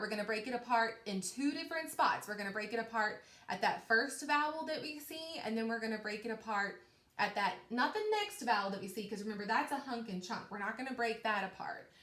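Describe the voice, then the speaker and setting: A woman's voice: on the high side, bright, forceful tone. Patient woman teaching a phonics lesson. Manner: clear, patient, encouraging classroom cadence. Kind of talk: remote phonics lesson for children. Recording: echoey room.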